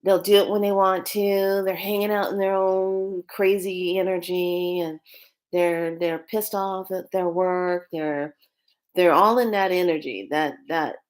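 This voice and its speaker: Low-voiced woman rambling about dreams. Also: fairly even intonation, measured pace. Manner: rambling, repeats and restarts phrases; earnest, emphatic retelling. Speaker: spiritual vlogger. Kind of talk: casual spiritual storytelling.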